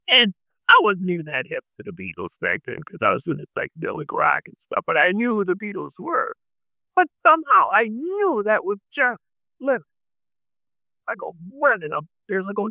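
An older man rambling through memories in a casual interview, halting with fillers. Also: sits high, very animated, creaky, bright, forceful tone, dry recording, rough recording. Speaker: interviewee recalling the past. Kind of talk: casual storytelling.

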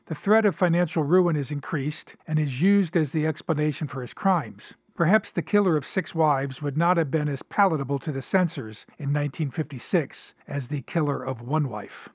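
A man hosting a talk show, reading passages from a story aloud and discussing them in a measured, dramatic way. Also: fairly high pitch, slightly rough, dry recording, studio quality. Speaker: podcast host.

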